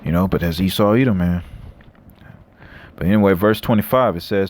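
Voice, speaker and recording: A man's voice: low voice, fairly quick. A man preaching and reading scripture aloud, blunt and coarse, tagging lines with "man" and "all right". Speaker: street preacher.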